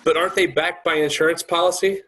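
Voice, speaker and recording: A man's voice: fairly high pitch, fairly even intonation, quick pace, a bit bright, natural voice. A man reading as an earnest, questioning village leader. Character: worried male village leader and investor. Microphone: video call.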